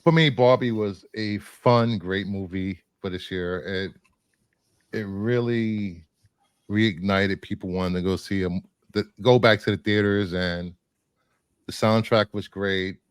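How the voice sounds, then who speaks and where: A man's voice: lowish voice, fairly even intonation, a little slow, clear, resonant tone, dry recording. A man co-hosting a casual chat, rambling through his film picks with fillers and the odd laugh. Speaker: co-host presenting film picks.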